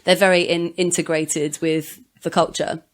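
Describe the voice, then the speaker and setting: A woman's voice: on the low side, flat delivery, moderate pace. A woman co-hosting a podcast, recounting a trip in meandering casual chat full of fillers. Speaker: podcast co-host.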